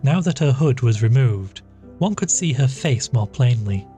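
Faint background music accompanies a man reading a classic story aloud. He delivers the scripted narration at medium pitch in a calm, even manner.

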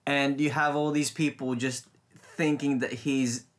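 A man co-hosting a casual podcast about comedy films, chatty and quick to laugh, often trailing off and restarting his sentences. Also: mid-range voice, little pitch movement. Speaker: podcast co-host. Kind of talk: casual film chat.

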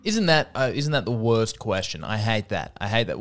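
A man hosting his own comedy podcast, rambling and self-deprecating, jumping his pitch up for emphasis. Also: expressive, moderate pace, hardly any pauses, faint music behind. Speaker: podcast host. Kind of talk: solo comedic monologue.

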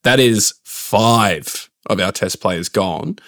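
A man talks through cricket selections in an opinionated, ranting way. His voice sits fairly low, and it is recorded dry and close with almost no room sound. He sounds like a casual podcast co-host. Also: takes it slowly, a bit bright, dry recording.

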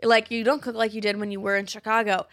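A woman's voice: mid-range voice, little pitch movement, fast, a bit bright, no echo, studio quality. A young woman in her twenties hosting a podcast, chatting casually and swearing freely, with lots of likes and some laughter. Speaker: podcast host. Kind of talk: casual chat. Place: apartment in a big US city.

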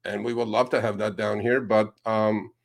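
A man's voice: on the low side, level tone, moderate pace, creaky. A man who drives rideshare, co-hosting a casual talk show and ranting sarcastically about his work, with frequent fillers and restarts. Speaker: rideshare driver and podcast co-host. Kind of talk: animated casual chat.

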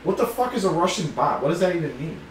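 A man's voice: on the high side, very animated, fast. Laid-back man chatting in an echoey room. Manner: rambling, profane, laughing often. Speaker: podcast co-host. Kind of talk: casual chat. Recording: echoey room, far from mic, faint noise.

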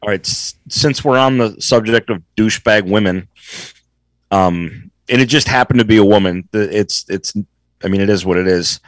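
Low-voiced man rambling in casual chat. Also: moderate pace, no echo. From Florida. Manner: relaxed, rambling, lots of ums. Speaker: podcast co-host.

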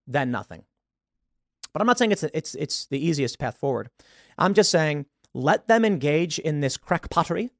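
A man delivers solo commentary as a show host, emphatic and opinionated and fond of rhetorical questions. His voice sits a little higher than most men's. The sound is dry and close, with no room around it. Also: no echo.

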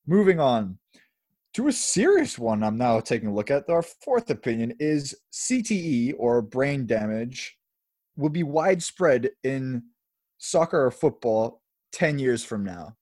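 A man's voice: medium pitch, very animated, unhurried, darkish tone, no room sound, clean studio sound. A man co-hosting a football podcast, chatting casually with frequent laughs and hedging asides. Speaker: podcast co-host.

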